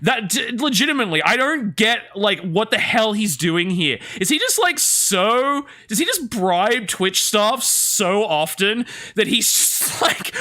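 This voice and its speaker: A man's voice: sits high, sing-song, measured pace, few pauses, sharp tone. A man streaming and reacting to clips in casual talk, sarcastic and sweary.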